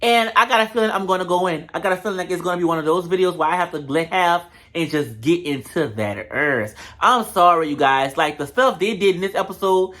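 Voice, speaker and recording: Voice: mid-range voice, brisk, hardly any pauses, a bit bright. A show reviewer on camera giving a casual, blunt reality-show recap, talking straight to the viewers. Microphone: camera mic.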